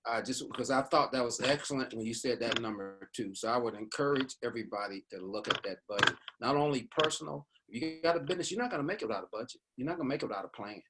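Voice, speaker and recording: A man's voice: mid-range voice, expressive, quick pace, few pauses, very noisy. An older man on a video call panel, affirming and encouraging others. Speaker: panel guest. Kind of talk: casual video call chat.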